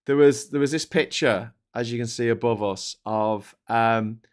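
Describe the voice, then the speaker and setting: A man's voice: mid-range voice, clear, resonant tone. A man from Liverpool with a Scouse accent, hosting a casual live-stream chat in a rambling, chatty way. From Liverpool, England. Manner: rambling, chatty, frequent fillers and laughs.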